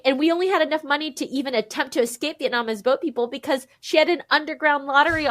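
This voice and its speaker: Woman, 30s, podcast guest; animated, candid storyteller, slightly high voice, plays out quotes. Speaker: podcast guest, memoir author.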